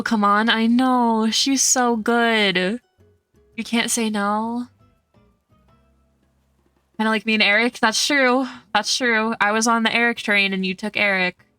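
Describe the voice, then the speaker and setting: A woman's voice: mid-range voice, pushed and bright, clean tone, no echo. A young woman streaming a cozy game, chatting casually, reading chat aloud and gushing over cute characters. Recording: dry close sound with faint game music.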